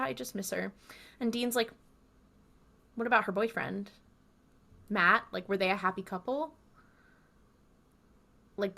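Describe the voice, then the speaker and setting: A woman's voice: mid-range voice, fairly bright tone. A woman co-hosting a podcast, retelling scenes in casual chat and acting out the quotes. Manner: chatty storyteller, acts out quotes. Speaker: podcast co-host.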